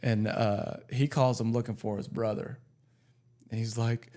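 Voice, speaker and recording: A man co-hosting a podcast in casual chat, retelling stories with lively, acted-out quotes. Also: medium pitch, normal speed. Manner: animated, acts out quoted voices while retelling. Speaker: podcast co-host.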